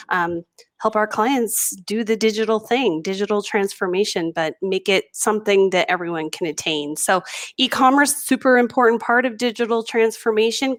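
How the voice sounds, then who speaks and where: An enthusiastic woman from New Mexico chats as a guest on an interview show. Her voice sits mid-range and sounds close and dry, with no room echo. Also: mid-range voice. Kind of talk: casual interview talk.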